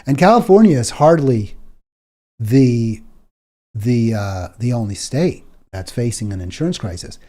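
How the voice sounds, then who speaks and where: Fired up guy hosting a political show, warm mellow voice, indignant, keeps repeating himself. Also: mid-range voice, lively intonation, measured pace. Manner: indignant, exasperated, repeats words when worked up. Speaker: political talk show host. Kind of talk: political commentary monologue.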